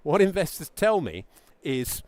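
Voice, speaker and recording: Coaching founders from the stage, a middle-aged man talks in a slightly high voice that swings widely in pitch as he hits key words. He's animated and emphatic but unhurried, acting out mock founder quotes during his presentation. The sound is dry and close with no room echo.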